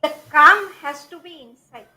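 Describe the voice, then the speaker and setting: High, bright-voiced Indian woman coach. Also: slight background noise, poor audio. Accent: Indian English. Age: middle-aged. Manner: measured, explanatory, fond of examples and quotes. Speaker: guest speaker, life coach. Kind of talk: motivational interview talk.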